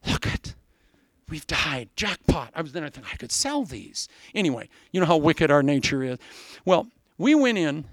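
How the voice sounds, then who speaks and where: His voice is on the high side, captured in a dry, studio-quality recording. He's a male Iowa preacher giving a sermon, telling stories with lots of animation, voicing characters and laughing.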